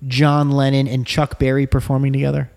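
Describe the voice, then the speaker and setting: A man co-hosting a podcast, reacting with animated exclamations and frequent laughs in casual chat. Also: medium pitch, fairly quick, vocal fry.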